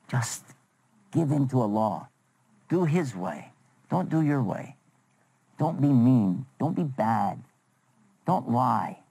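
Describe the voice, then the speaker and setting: A man telling a religious story as a lesson for children, chatty and animated, asking his listeners questions. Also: mid-range voice, rough recording.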